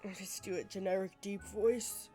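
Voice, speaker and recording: A woman streaming a game while ill, hoarse and coughing, apologetic and self-deprecating between lines. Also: mid-range voice, steady tone, normal speed, warm tone, soft background music. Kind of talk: let's play commentary.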